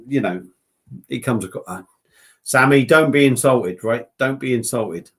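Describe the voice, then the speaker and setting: A man's voice: mid-range voice, moderate pace, a bit bright. A man hosting a casual beer-review livestream, joking and rambling with plenty of swearing.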